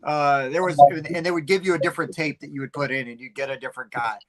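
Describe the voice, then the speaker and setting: A middle-aged man co-hosting a casual chat, telling rambling, animated stories with plenty of fillers. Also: a little high, fast talker, low-quality recording. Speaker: podcast co-host.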